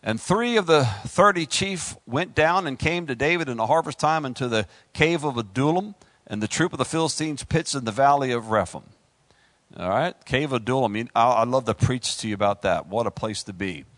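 A man preaching a sermon with animated delivery, rising to high exclamations and pulling back to quieter asides. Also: brisk, no room sound. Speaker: pastor.

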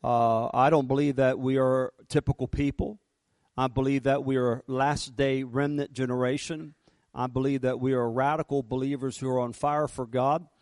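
A man preaching a fervent sermon, slowing down and rising in pitch and volume for emphasis. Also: level tone, a little mellow, no room sound. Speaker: pastor.

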